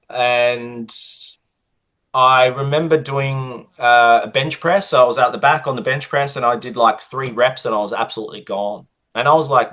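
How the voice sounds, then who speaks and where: An Australian man, a guest, telling a personal story in an interview with lively acted-out dialogue. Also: medium pitch. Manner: animated, acts out quoted dialogue.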